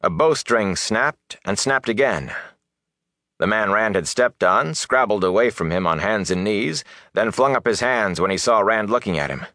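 Low-voiced man reading a fantasy novel. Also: animated, moderate pace, pushed and bright, no echo, studio quality. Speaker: narrator. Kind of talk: audiobook narration.

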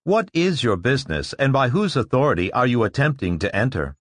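A man's voice: mid-range voice, big pitch swings, brisk, no room sound, clean studio sound, pitched above the performer's own voice. A man voicing a robot checker at a turnstile, speaking with formal, mechanical politeness in a storybook reading.

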